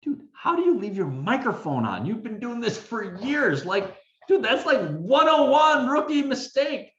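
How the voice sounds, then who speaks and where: Man putting on a shrill, scolding inner-critic voice, dull and roomy sound. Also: sing-song, measured pace, fairly bright tone, exaggerated voice. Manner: scolding, exasperated, high-pitched. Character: mocking adult male inner critic.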